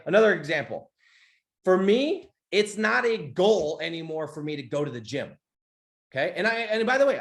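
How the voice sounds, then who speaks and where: A man coaching on a livestream in a blunt, emphatic way, swearing often and checking in with "okay?". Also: fairly high pitch. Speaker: business coach. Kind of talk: motivational livestream talk. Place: home office.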